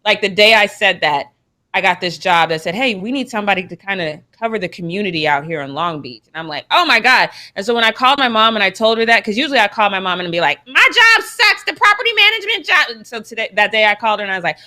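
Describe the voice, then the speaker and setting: A young adult woman co-hosting a sports show in casual chat, expressive and emphatic, laughing often. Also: medium pitch, fast talker.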